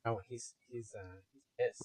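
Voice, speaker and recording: A man acting as game master, narrating a tabletop game and making brisk, matter-of-fact calls on each player in turn. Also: mid-range voice, flat delivery, a little mellow, slight background noise.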